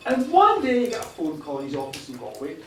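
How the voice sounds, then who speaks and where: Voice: medium pitch, huge pitch swings, fast talker, a little hiss or hum. An Irish storyteller talking chattily to a live audience in a bar, laughing at their own jokes. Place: bar stage, live show. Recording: roomy live bar, distant mic.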